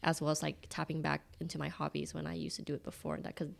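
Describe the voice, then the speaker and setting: A woman's voice: low voice, little pitch movement, fast, gravelly. A young woman with a Californian accent, chatting casually on a community podcast with lots of fillers. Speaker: podcast co-host. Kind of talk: casual chat.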